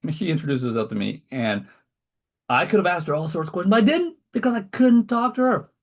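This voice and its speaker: A man's voice: sits high, sing-song, a little fast. A man hosting a casual podcast over a video call, rambling and self-deprecating as he talks. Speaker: podcast host. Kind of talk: casual chat.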